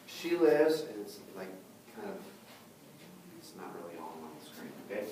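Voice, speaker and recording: A man's voice: lowish voice, very animated, moderate pace, long pauses, darkish tone, distant mic. Man, classroom teacher, patient explaining, frequent check-ins, roomy echo, faint hiss. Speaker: Russian language teacher. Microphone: far camera. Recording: very echoey room, recorded from afar.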